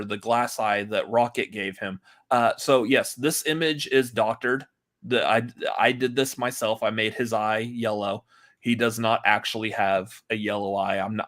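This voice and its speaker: A man's voice: medium pitch, fairly bright tone. A man hosting a movie podcast in casual, rambling chat, laughing often. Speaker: podcast host.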